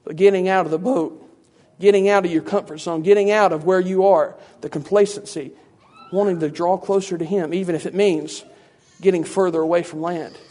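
Man preacher, high-pitched voice, conversational teaching sermon, rhetorical questions. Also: steady tone, fairly quick, few pauses, mellow.

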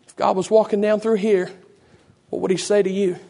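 A man preaching a fervent sermon with a hoarse, worn voice, praying with a repeated "Lord" and building to shouts. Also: high voice, flat delivery, brisk. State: hoarse, losing his voice.

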